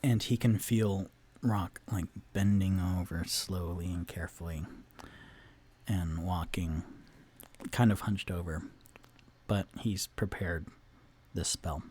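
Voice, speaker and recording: A man's voice: deep voice, fairly even intonation, takes it slowly, long pauses, a little mellow, breathy edge. A man narrating a solo tabletop game as game master, rambling with many fillers and restarts.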